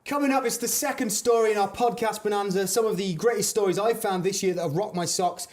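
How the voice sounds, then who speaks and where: A man's voice: high voice, fast talker, music in the background. A young adult man hosting a comedic podcast, reading strange news stories with mock-dramatic delivery. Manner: dramatic storytelling reads, playful banter. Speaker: podcast host.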